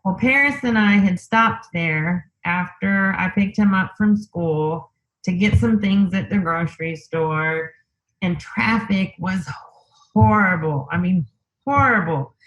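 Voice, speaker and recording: A woman guest in a conversational interview, telling a personal story in an unhurried way, thinking aloud with lots of fillers. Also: lowish voice, dull audio.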